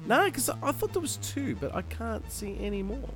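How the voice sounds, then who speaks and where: Lively co-host with bouncing pitch. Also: male voice, faint music behind, low-quality recording. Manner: quick banter, chiming in. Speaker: podcast co-host. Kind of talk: casual chat.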